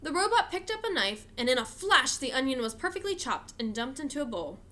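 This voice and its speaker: A woman reading a children's novel aloud in an expressive, animated storytelling manner. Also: high-pitched, brisk. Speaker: reader.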